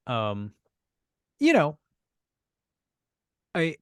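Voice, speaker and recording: A man's voice: on the high side, huge pitch swings, drawn-out words, smooth, dry recording. Man, casual podcast chat, restarts often, laughs, dry studio sound. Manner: rambling, many restarts and laughs. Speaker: podcast co-host.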